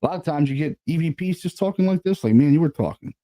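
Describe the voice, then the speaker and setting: A man with a fairly high-pitched, dark-toned voice talks in a racing, animated way. Posing as a laid-back paranormal investigator in casual chat, he often ends sentences with "you know what I mean" and "man."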